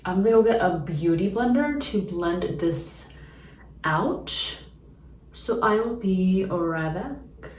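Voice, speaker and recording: A woman's voice: on the low side, expressive, slow pace, darkish tone. Chatty young woman in an echoey room. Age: young adult. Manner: chatty, rambling, lots of "like" fillers. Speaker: beauty vlogger. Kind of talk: casual makeup tutorial chat. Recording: echoey room, mic at a distance.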